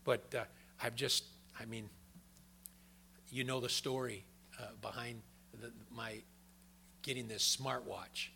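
An older man preaching a sermon in a folksy, conversational way, telling personal stories, with a gravelly voice. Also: medium pitch, steady tone, slow pace, pauses often, pushed and bright, slight background noise.

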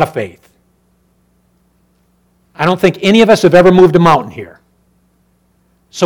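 A man preaching a sermon in a repetitive, rhythmic cadence, dropping to hushed low asides and then rising to loud exhortation. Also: animated, moderate pace, pauses often. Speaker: pastor.

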